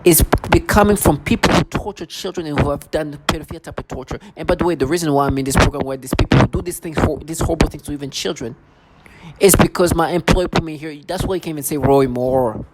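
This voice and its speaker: A vlogger in an intense, repetitive personal monologue who keeps mimicking other people in a lower voice. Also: fast, very noisy.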